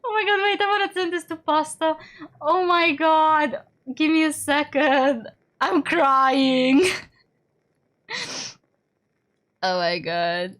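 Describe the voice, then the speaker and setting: A woman streaming a visual novel, reading it aloud and reacting in an excitable, giggly way. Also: high voice, slow, long pauses.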